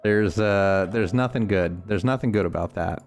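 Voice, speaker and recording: Low-voiced Northeastern US streamer. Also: male voice, moderate pace, faint music behind. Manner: rambling, thoughtful, frequent restarts. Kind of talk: casual gameplay chat.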